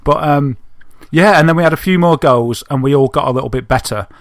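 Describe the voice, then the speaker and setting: A man, co-hosting a podcast and telling an animated story, laughing often. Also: a little high, brisk, no echo, studio quality. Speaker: podcast co-host. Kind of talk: casual chat, telling an anecdote.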